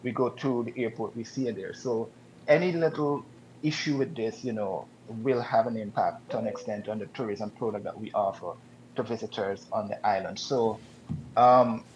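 A man hosting a talk show, speaking in a measured way with frequent ums, over dull, lo-fi broadcast audio. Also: lowish voice, fairly even intonation, a little hiss or hum. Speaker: radio talk show host.

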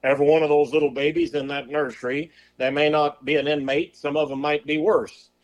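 A preacher with a fairly high male voice delivers a sermon, pressing his listeners with rhetorical questions. He talks in a folksy manner and drags out the words when he quotes scripture. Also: level tone, lo-fi sound. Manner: slows and drawls on scripture quotes; folksy turns of phrase.

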